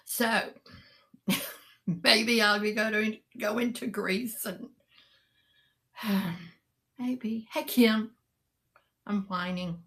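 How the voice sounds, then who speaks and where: A woman's voice: medium pitch, steady tone, extremely slow, long pauses, a bit bright. A middle-aged woman, chatting casually and rambling to live viewers, greeting them by name. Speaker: live-sale seller and vlogger.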